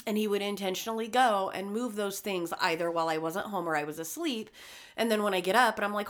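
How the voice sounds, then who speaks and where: Profane, animated woman telling a story. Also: mid-range voice, fast talker. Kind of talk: casual storytelling chat.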